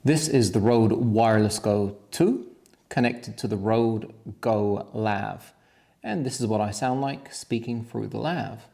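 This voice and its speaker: A man presents gear in a review vlog with playful enthusiasm. His voice sits on the low side, with a gravelly edge. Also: measured pace, warm tone. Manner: enthusiastic, playful demo talk. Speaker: tech reviewer.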